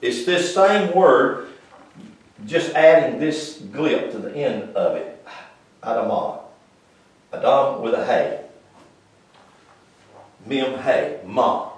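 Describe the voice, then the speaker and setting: A man preaching an informal sermon, moving between loud emphatic passages and quiet explanation, with folksy grammar. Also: medium pitch, expressive, takes it slowly, long pauses. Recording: echoey room, mic far off.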